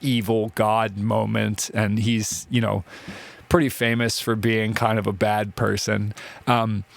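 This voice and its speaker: A man's voice: fairly low pitch, dry recording. A man giving a casual classroom ethics lecture, chatty and conversational, often checking in with "right?". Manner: chatty, conversational, uses filler words like "right?" and "like".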